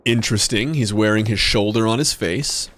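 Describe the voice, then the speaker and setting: A man's voice: fairly low pitch, normal speed, fairly bright tone. A young man streaming a game, chatting casually with joking, rambling asides and some swearing. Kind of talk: casual gameplay commentary.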